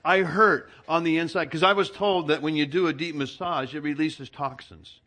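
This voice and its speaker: Male pastor, bright voice, conversational preacher who pokes fun at himself. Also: fairly high pitch, fairly even intonation, normal speed. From Southern California. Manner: conversational storyteller, self-mocking humor. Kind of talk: sermon with humorous personal anecdotes.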